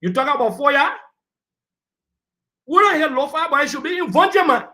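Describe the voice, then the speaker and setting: Brief: man, high-pitched panelist, combative and lecturing, heated political debate. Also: lively intonation, normal speed, bright, forceful tone. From Liberia. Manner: combative, lecturing, talks over interruptions.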